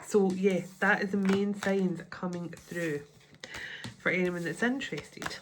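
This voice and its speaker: Low-voiced woman chatting through a tarot reading. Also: steady tone, unhurried, background noise. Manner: chatty, thinking aloud with restarts. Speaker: tarot reader.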